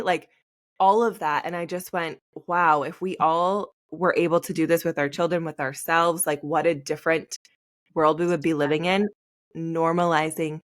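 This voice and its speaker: A woman in her thirties hosting a podcast, telling stories in a chatty, animated way and acting out the quotes. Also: sits low, moderate pace. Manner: animated storyteller, acts out quotes. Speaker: podcast host. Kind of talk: conversational podcast interview.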